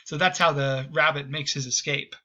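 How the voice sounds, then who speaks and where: A man's voice: a little high, fairly even intonation, moderate pace, bright, forceful tone, highs cut off. A man hosting a history video, giving a casual spoken lecture with many hesitant ums and restarts.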